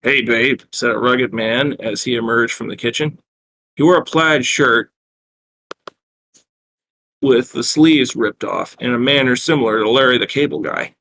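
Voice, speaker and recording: Man, bright forceful tone, reads his own wry first-person story. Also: mid-range voice, measured pace, gravelly, pauses often, a little hiss or hum. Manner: wry first-person narration with small self-corrections. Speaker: writer reading his work. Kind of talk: reading his own fiction aloud.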